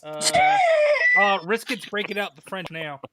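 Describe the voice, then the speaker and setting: A man's voice: sits high, wildly swooping pitch, measured pace, very noisy. A man hosting a casual live stream, reading chat messages aloud and laughing often. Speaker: stream host.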